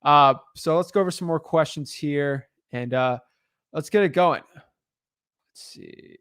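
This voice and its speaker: A man's voice: on the high side, unhurried, fairly bright tone, clear, resonant tone, no room sound. A young man co-hosting a live stream, talking emphatically and repeating his points. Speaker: co-host of a live real estate stream.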